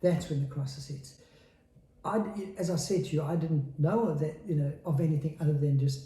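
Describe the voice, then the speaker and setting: A man's voice: a little high, brisk, dark tone, roomy sound. A man in his forties, a podcast guest, speaking candidly and earnestly and repeating phrases for emphasis. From South Africa. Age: 40s. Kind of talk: candid interview talk.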